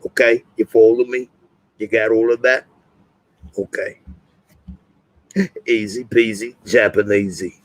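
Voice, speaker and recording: A man's voice: steady tone, unhurried, pauses often, no echo, close to an everyday voice, low-quality recording. A man doing Billy Butcher, foul-mouthed and menacing. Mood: scheming. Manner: bullying, profane, low and clipped. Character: menacing, foul-mouthed British male vigilante.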